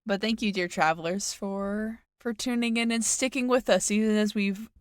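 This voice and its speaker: A woman co-hosting a podcast in casual chat, animated and playful with frequent giggles. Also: medium pitch, moderate pace, clean tone, dry recording, studio quality. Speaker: podcast co-host.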